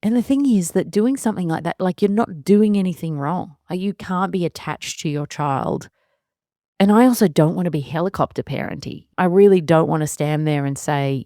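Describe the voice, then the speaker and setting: Woman in her thirties, low voice, candid podcast host who laughs through her worries, dry close-miked sound. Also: a little mellow, dry recording. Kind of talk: solo parenting podcast monologue.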